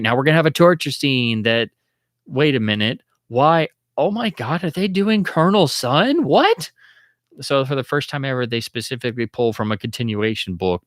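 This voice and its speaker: A man with a low-pitched voice talks through film history on his livestream, casual and excitable. He jumps up high when he acts out an audience's alarm, and the sound is dry and close. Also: clear, resonant tone, no echo. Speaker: livestream host.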